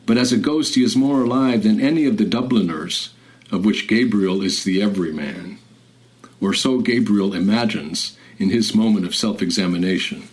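Low-voiced guy hosting a lit show, slow and deliberate, scholarly. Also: rough recording. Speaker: radio host. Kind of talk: literary commentary and reading.

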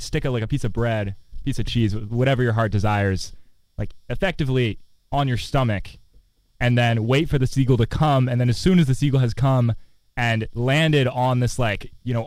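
A man's voice: medium pitch, darkish tone, no echo. Playful young man chatting on a dry mic. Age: 20s. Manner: playful, rambling. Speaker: student radio host. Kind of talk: casual chat. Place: outdoors on a campus quad.

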